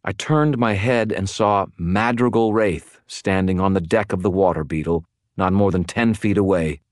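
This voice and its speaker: A man narrates a first-person audiobook with a deep, low voice. His telling is dramatic and wry. The recording is close and dry. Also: normal speed, dry recording.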